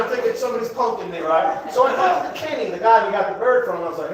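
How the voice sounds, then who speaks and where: A man with a Southern US accent and a high, animated voice talks very fast in a rambling stand-up set, often laughing at his own jokes. He's recorded on a distant mic in an echoey comedy club room with a live crowd.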